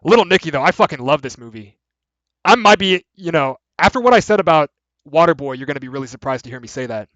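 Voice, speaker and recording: A man's voice: on the high side, animated, quick pace, fairly bright tone, dry recording. A young man hosting a video, giving rambling, filler-heavy, profane opinions in casual commentary. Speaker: video essay host. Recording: dry, slightly dull lo-fi audio.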